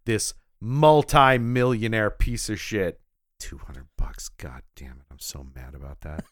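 A man co-hosting a podcast, chatting about a movie, expressive and reflective, swearing freely. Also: lowish voice, unhurried, no echo, clean studio sound. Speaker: podcast co-host. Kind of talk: casual movie recap chat.

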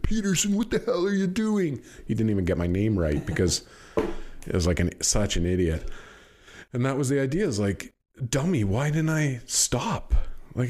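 A middle-aged man with a low voice talks as a podcast guest in casual chat. He swears freely and tells stories with animation, his pitch jumping up and down as he goes. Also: darkish tone. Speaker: podcast guest, business owner.

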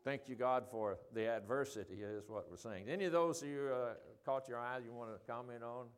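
An older man leading an informal group Bible study, rambling with many ums and restarts and reading quotations slowly. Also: mid-range voice, clean tone.

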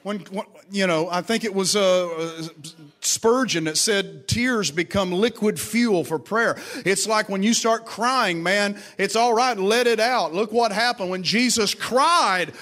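A man's voice: high voice, measured pace, sharp tone. A man preaching a sermon to a live congregation, emphatic and repetitive, calling on the listeners to respond. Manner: emphatic, repeats lines, calls for congregation responses. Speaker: pastor. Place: church service with congregation.

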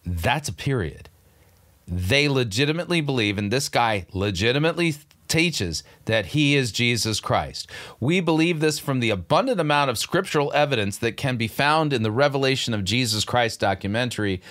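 A man's voice: mid-range voice, lively intonation, normal speed, fairly bright tone. An older man hosting a commentary show, talking through clips with sardonic, incredulous critique. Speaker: show host.

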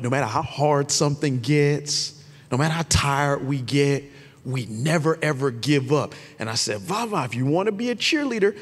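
A man preaching a lively, conversational sermon, shouting out his key points. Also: medium pitch, in a large hall. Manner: animated and conversational, with shouted emphasis. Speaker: pastor.

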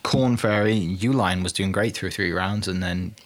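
Low-voiced casual podcast host, a man. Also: normal speed. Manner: relaxed, rambling, with fillers. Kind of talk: casual chat.

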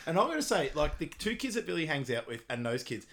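A man's voice: a little high, vocal fry, fairly bright tone. Laughing, chatty young man. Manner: laughs often, loose and chatty. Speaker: podcast co-host. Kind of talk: casual film recap chat.

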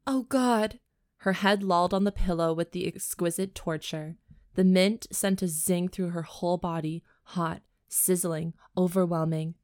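A woman's voice: on the low side, little pitch movement, normal speed, a little mellow, dry recording, clean studio sound. A woman co-hosting a comedy podcast, reading a romance novel aloud and breaking off for bawdy, joking asides. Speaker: podcast co-host and reader.

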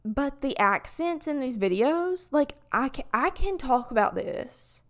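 A woman's voice: sits high, animated, unhurried, fairly bright tone. A young woman from Alabama with a Southern US accent, talking casually to camera in a rambling way full of fillers. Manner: rambling, many "like" fillers and restarts. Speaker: vlogger.

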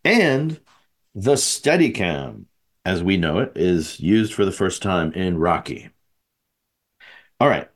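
A podcast host from the American Midwest chats casually in a low, very animated voice, taking it slowly with long pauses. He tends to ramble, correct himself, and chuckle frequently.

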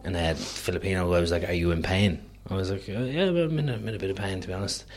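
A man's voice: low voice, level tone, fast, a little hiss or hum. A young man on a podcast, telling a story in casual chat, laid-back and laughing at himself.

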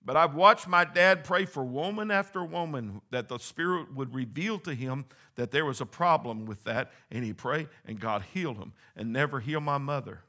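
A male pastor preaching a sermon in a church, swinging between quiet, low asides and loud, rising exclamations. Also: normal speed, few pauses.

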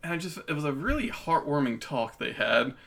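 Guy with a gravelly voice co-hosting a recap show, easygoing, laughs a lot. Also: fairly high pitch, brisk. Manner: relaxed, laughs often, many fillers. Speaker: podcast co-host. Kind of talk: casual chat.

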